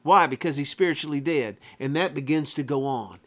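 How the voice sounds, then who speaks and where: A man's voice: on the high side, brisk. A man preaching a sermon, emphatic, repeating phrases for effect in plain folksy wording.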